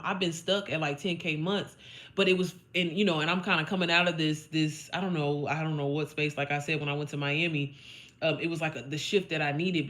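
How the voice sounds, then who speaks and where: A woman's voice: low-pitched, a bit bright. A young woman from Indiana giving a blunt, profane, emphatic motivational talk to her followers, chatty and full of fillers. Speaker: online business coach.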